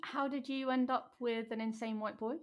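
A woman's voice: fairly high pitch, fairly even intonation, normal speed. Supportive woman podcast host. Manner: supportive, asks follow-up questions. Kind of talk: casual interview chat.

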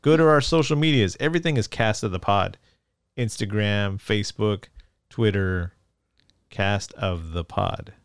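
A man's voice: fairly low pitch, a little slow, clear, resonant tone, no echo, clean studio sound. A man co-hosting a casual movie podcast, joking, laughing often and acting out quotes from the film. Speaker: podcast co-host.

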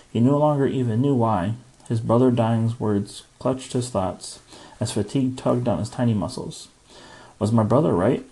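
A man hosting a book club reads a book aloud, steady and earnest. His voice is husky and breathy, sitting at a middle pitch. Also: low-quality recording.

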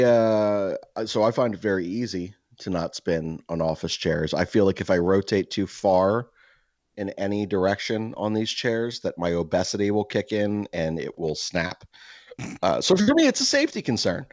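Deep-voiced man rambling on a podcast. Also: very animated, normal speed, a little mellow, no room sound, highs cut off. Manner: rambling, profane storytelling with many restarts. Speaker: podcast host. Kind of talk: casual podcast chat.

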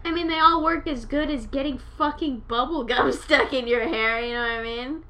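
A woman's voice: high-pitched, moderate pace, sharp tone. A woman co-hosting a podcast in casual chat, rambling and swearing playfully, with hiccups. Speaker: podcast co-host.

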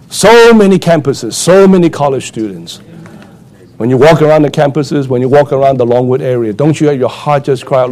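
A man's voice: normal speed, a little mellow. A man preaching a sermon with conversational asides, full of fillers and restarts, then building to urgent, impassioned exhortation. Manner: impassioned, rising to urgent high-pitched exhortation.

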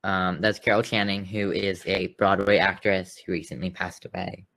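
A man's voice: sits low, level tone, moderate pace, vocal fry, a bit bright. A man co-hosting a podcast, chatting casually and rambling with lots of fillers. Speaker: podcast co-host. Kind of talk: casual chat.

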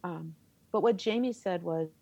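A middle-aged woman, a theater teacher, telling a story in an interview, animated and laughing as she acts out her reactions. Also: fairly low pitch, moderate pace, creaky, no echo, dull audio.

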